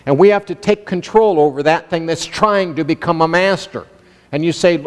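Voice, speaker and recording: A man's voice: a little high, moderate pace. A man preaching a sermon as pastor, emphatic and calling out to his congregation. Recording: long hall reverb.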